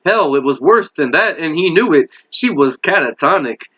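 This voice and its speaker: A man's voice: a little high, lively intonation, normal speed, sharp tone, breathy edge, highs cut off. A man reading a horror novel aloud as a hobby reader, with small slips and corrections and light character voices. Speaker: amateur book reader.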